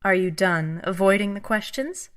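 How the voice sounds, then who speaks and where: An actress playing an eerie, inhuman female customs officer who speaks in a calm, cold, measured and menacing way. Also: medium pitch, lightly acted. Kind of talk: audio drama acting.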